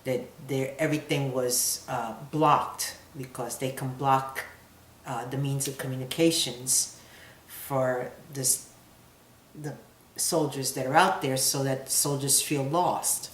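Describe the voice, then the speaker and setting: Middle-aged mother, low voice, hesitant emotional testimony, roomy echo. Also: fairly even intonation. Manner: halting, searching for words, emotional. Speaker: mother of a wounded soldier. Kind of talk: personal testimony interview.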